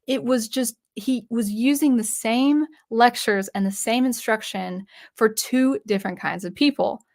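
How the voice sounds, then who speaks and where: A woman hosting her channel, casually recounting a personal story with frequent restarts, asides and acted-out dialogue. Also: on the high side. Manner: acts out remembered dialogue with shifts in tone. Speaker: electronic music composer and channel host.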